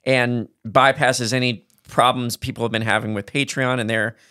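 A man's voice: mid-range voice, level tone, moderate pace, sharp tone. A man co-hosting a paranormal podcast, mostly chiming in with short agreeing replies in casual chat. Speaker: podcast co-host.

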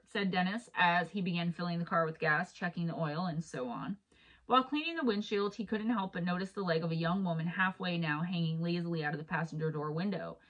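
A woman's voice: fairly low pitch, fairly quick, fairly bright tone, rough recording. A woman hosting a show, reading listener stories aloud in a chatty, heartfelt way with apologetic asides. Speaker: host.

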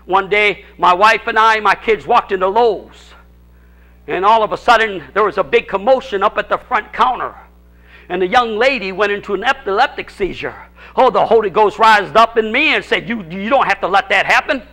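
A man pastor preaching a sermon at a church service, repeating phrases for emphasis and swinging between shouts and hushed tones. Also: sits high, moderate pace.

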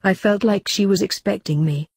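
A woman's voice: medium pitch, moderate pace, darkish tone, breathy edge, no room sound, studio quality. A woman voicing an uneasy, guarded young girl witch. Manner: uncomfortable and guarded.

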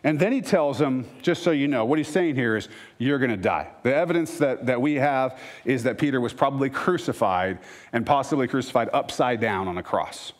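Male pastor, mid-pitched, preaching; dramatic scripture reading, punches up quotes. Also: a little fast. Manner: rises to emphatic, louder lines. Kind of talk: sermon.

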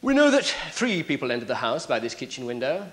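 An actor playing a sharp, sardonic prosecutor cross-examining a witness in a courtroom drama. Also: male voice, mid-range voice, sing-song, fast talker. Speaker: prosecuting barrister.

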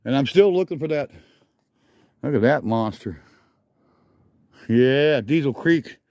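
A man's voice: medium pitch, animated, slow, a little mellow, no echo, studio quality. A man walking around outdoors filming a junkyard, rambling enthusiastically as he names vehicles, a little out of breath. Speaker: vlogger. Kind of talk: casual walk-around commentary.

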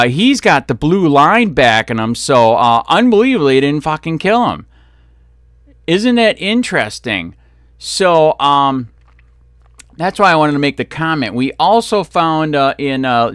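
Furious ranting man, lively pitch. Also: clean tone, dry recording, clean studio sound. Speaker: copwatch vlogger. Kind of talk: angry ranting commentary.

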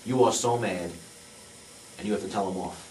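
A man's voice: low voice, normal speed, a little mellow. A male hypnotist coaxing a subject with suggestive commands in a radio studio. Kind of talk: hypnosis demonstration. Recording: echoey, distant, noisy studio.

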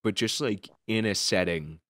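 A man's voice: lowish voice, moderate pace, a bit bright, dry recording, studio quality. A young man hosting a casual podcast, telling rambling stories full of fillers and restarts. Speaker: podcast host.

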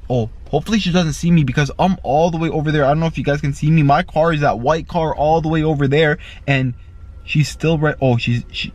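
A man giving excited vlog commentary from inside a car, repeating himself with constant exclamations. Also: sits high. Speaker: YouTuber.

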